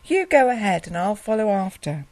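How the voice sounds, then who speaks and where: A woman's voice: medium pitch, sing-song, moderate pace, darkish tone, no room sound, close to an everyday voice. Woman voicing a big gullible monster. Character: big shaggy male monster, easily fooled.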